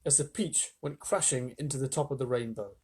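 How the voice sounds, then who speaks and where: A man reading a children's storybook aloud to live listeners, animated, with chatty asides. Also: medium pitch, fairly quick, noisy background.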